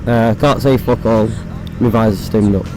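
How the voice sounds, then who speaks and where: Hoarse young man. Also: lowish voice, fairly even intonation, normal speed, noisy background. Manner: casual, swears often. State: hoarse, croaky voice. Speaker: motovlogger. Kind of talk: casual rambling chat while riding. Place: on a motorbike on city roads. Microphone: phone recording inside a helmet.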